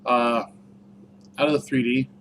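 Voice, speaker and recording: A man's voice: mid-range voice, steady tone, measured pace, noisy background. A man giving a casual, rambling review vlog, chatty and full of fillers. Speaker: product reviewer.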